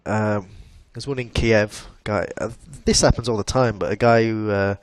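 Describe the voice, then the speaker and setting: A man's voice: fairly low pitch, fairly even intonation, moderate pace, smooth, no echo. A man co-hosting a casual podcast chat, retelling odd news stories with a laugh. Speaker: podcast co-host.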